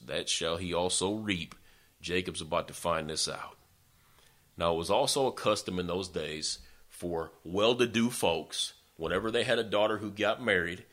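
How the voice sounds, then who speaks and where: A male preacher tells a story during a sermon in a folksy, animated way, often addressing his listeners directly. His voice sits low.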